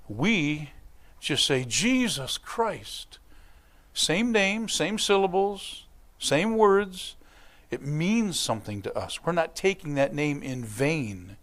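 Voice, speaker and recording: Male pastor, mid pitch, lively chatty sermon delivery with acted-out asides. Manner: animated, conversational preaching with acted-out quotes. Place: church.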